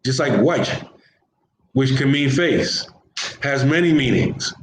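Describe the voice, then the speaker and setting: A man's voice: medium pitch, expressive, slow pace. A man teaching an informal religious lesson, talking conversationally in everyday slang and often repeating his phrases. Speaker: Islamic teacher. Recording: roomy echo with faint background hiss.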